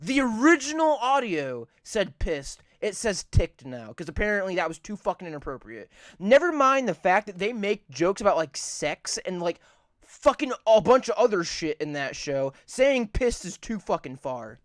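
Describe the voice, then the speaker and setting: Podcast co-host, casual profane rant, animated up-and-down pitch, dry close sound. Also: normal speed, no room sound. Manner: rambling, profane, repeats points for emphasis. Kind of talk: casual chat.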